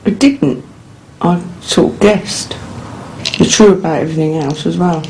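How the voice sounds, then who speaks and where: A woman's voice: sits low, measured pace, a little hiss or hum, poor audio. A woman speaking bluntly and candidly to a documentary maker, swearing freely. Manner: blunt, swearing, animated retelling. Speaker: documentary subject. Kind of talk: candid interview.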